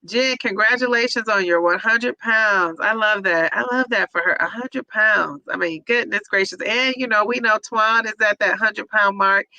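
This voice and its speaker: A woman's voice: medium pitch, moderate pace, few pauses, bright, forceful tone, no room sound, dull audio. A woman hosting a casual livestream, reading viewers' comments aloud and cheering each of them on by name.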